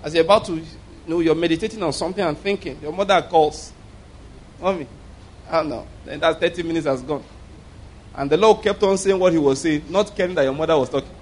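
Chuckling preacher man, higher voice. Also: fast, slight background noise. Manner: storytelling with frequent chuckles and repeated words. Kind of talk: sermon.

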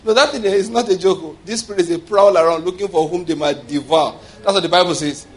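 A man's voice: sits high, brisk, slightly rough. A man preaching a sermon with humor, often laughing and calling for responses from the congregation.

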